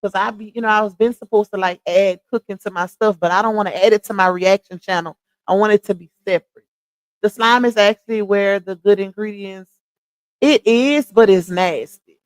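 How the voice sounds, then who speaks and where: A woman's voice: mid-range voice, a little fast, no echo. A young woman with a Louisiana Southern accent, chatting casually with her livestream viewers and laughing often. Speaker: livestream host.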